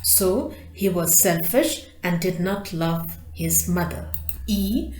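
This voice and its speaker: Woman, teacher, slow careful dictation, echoey room. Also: on the low side, expressive, a little mellow. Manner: slow, careful dictation, drawing out words to pronounce them. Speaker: English teacher. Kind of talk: reading out textbook answers.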